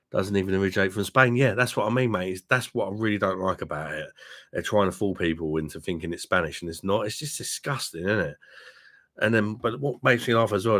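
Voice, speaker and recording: Deep-voiced man, blunt and chatty. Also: fairly bright tone. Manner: blunt, laughing, swears freely, addresses viewers as mate. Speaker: beer reviewer and live-stream host. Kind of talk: casual live-stream chat with viewers. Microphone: webcam mic.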